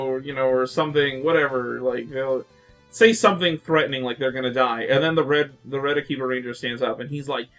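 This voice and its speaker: A man co-hosting a casual podcast chat, rambling excitedly with lots of fillers and acting out quotes in voices. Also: medium pitch, fairly quick, faint music behind. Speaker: podcast co-host.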